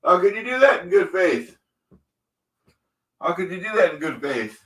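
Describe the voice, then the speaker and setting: Putting on an exaggerated, high, breathy voice with big pitch swings, a man streams live in character as a pompous, touchy middle-aged man cooking eggs. He speaks at normal speed, blustering and rambling while insisting on his own facts, in an improvised comedy stream.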